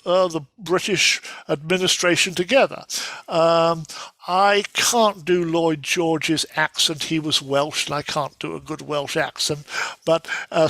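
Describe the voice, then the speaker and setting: A man's voice: on the high side, fairly bright tone, no echo. Man lecturing with a dry, close sound. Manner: conversational, many fillers and restarts. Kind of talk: casual lecture with slides.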